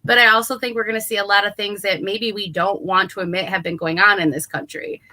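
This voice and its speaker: A woman's voice: mid-range voice, steady tone, quick pace, sharp tone. A woman co-hosting a casual political talk show, speaking earnestly and hopefully, often adding "right?". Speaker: co-host.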